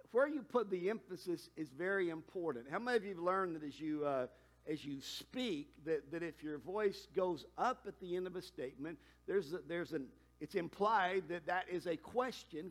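Male pastor, high voice, conversational sermon with emphatic rises. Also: a bit bright. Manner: conversational preaching, quick asides and emphatic climbs.

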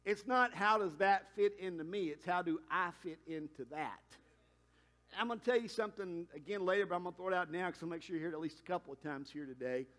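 A pastor preaching a sermon in a conversational way, with quick asides and emphatic climbs. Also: male voice, sits high, a bit bright.

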